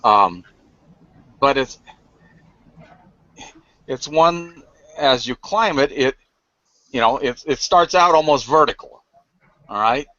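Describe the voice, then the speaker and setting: A man joining a live online hangout as a guest, halting with many fillers as he patiently explains. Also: mid-range voice, expressive, sharp tone, no echo, lo-fi sound.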